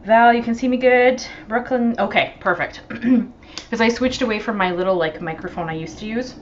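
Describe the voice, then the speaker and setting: A woman's voice: fairly high pitch, normal speed, dull audio, slight background noise. A young Canadian woman with a Canadian accent hosting a casual crafting livestream, greeting viewers by name and laughing often, heard through the camera's built-in microphone. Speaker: crafting channel host.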